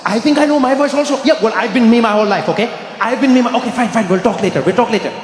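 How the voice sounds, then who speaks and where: A man doing a squeaky, flustered phone voice. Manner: defensive, stammering, rushed. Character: flustered man with an oddly high strained voice on the phone. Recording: echoey hall with noise.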